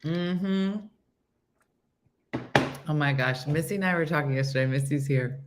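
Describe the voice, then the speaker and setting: A woman's voice: low-pitched, measured pace, a little hiss or hum. A woman hosting a casual morning show, telling a funny story with lots of laughing and acted-out quotes. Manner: animated storytelling, acts out quotes, laughs often. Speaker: host.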